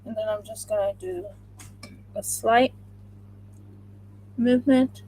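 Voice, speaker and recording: A woman's voice: a little high, slow, a little mellow, slight background noise, low-quality recording. A woman chatting casually on a livestream, talking through each step of her craft work as she goes. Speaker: crafter livestreaming a resin pour.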